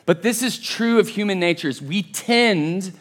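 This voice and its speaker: A man's voice: sits high, a little slow, a bit bright. A young man preaching a casual sermon as a college pastor, chatty and self-deprecating, calling the crowd "y'all". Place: church service.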